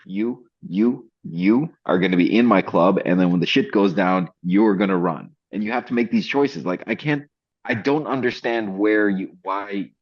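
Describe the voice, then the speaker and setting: A man's voice: deep voice, highs cut off. A man co-hosting a casual movie review chat, talking emphatically with indignant rhetorical questions.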